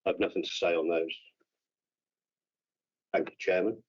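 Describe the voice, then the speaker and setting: An English man speaking as a councillor at a formal hearing, halting and repeating his words. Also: deep voice, steady tone, husky. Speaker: councillor responding to a complaint. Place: council meeting room. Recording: dull lo-fi meeting recording.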